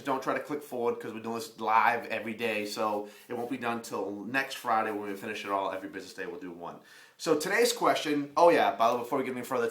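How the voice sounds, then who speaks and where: A middle-aged man with a Boston accent talks in a loose, rambling way, cracking jokes as he gives real estate tips. He is recorded live in a bare room near his office, and his voice echoes around it. His pitch sits in an ordinary middle range for a man. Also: a bit bright. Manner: rambling, joking, conversational. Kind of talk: live casual video talk.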